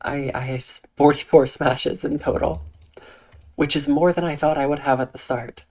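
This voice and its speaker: A streamer chatting calmly and softly with viewers on a live stream, using eloquent diction and a dry, deadpan delivery. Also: mid-range voice, normal speed. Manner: soft, calm tone with eloquent diction. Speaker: Twitch streamer. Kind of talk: casual livestream chat reading out viewer comments.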